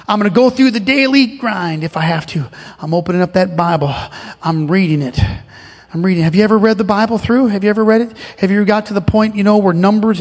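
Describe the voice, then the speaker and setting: A pastor preaching a sermon with fervour, shouting at the high points and dropping into chatty rhetorical questions. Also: male voice, long reverb tail. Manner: fervent preaching, shouting at climaxes; conversational asides, repeated rhetorical questions.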